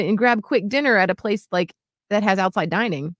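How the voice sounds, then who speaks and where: A woman's voice: mid-range voice, brisk, no echo, studio quality. A woman co-hosting a radio show, chatting casually and telling a story with lots of acted-out quotes. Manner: animated storytelling, acts out quotes in voices. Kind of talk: casual chat.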